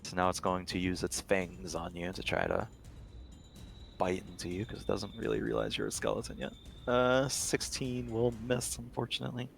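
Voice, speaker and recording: A man running a tabletop game as game master, upbeat and quick to laugh. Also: fairly low pitch, lively intonation, creaky, a little hiss or hum.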